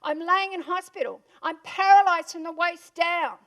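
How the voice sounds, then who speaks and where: Punchy high-voiced Australian woman speaker. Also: moderate pace, a bit bright. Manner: punchy, asks the audience questions. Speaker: motivational speaker. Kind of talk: motivational keynote talk. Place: event room before a live audience.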